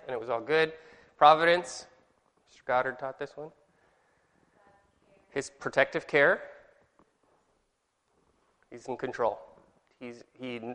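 A man's voice: mid-range voice, fairly bright tone. A man leading an informal Bible study lesson, chatty and rambling, quizzing his class and correcting himself as he goes. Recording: reverberant hall with long echo.

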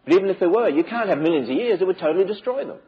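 A man's voice: high voice, animated, racing, lo-fi sound. A man giving an emphatic preaching lecture to a church audience, with many rhetorical questions. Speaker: speaker on biblical creation.

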